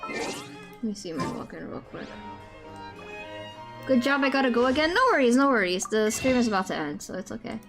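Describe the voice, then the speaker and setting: A woman live-streaming a game, chatting casually, with loud swearing outbursts and quiet muttered sums. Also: fairly high pitch, moderate pace, pauses often, over music. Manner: excitable, loud outbursts and swearing, then muttering math to herself.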